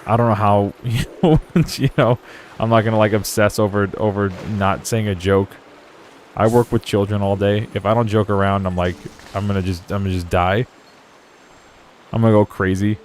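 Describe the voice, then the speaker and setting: A man's voice: lowish voice, fairly even intonation, normal speed, a little hiss or hum. A young man chatting loosely while playing a video game, rambling through stories and laughing often. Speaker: gaming streamer. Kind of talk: casual let's play commentary.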